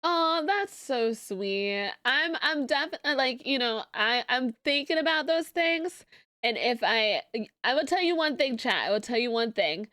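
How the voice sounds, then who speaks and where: A woman streamer chatting casually with her viewers, excitable and quick to laugh, often jumping up into a squealing high pitch. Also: no echo, clean studio sound. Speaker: streamer reacting to memes. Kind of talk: casual live-stream chat.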